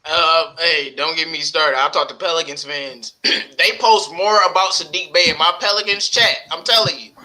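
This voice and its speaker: A man with a very bright, ringing voice and a somewhat high pitch, co-hosting a casual basketball talk show. He gets animated and excitable, laughing often as he talks. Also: moderate pace, low-quality recording. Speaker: podcast co-host.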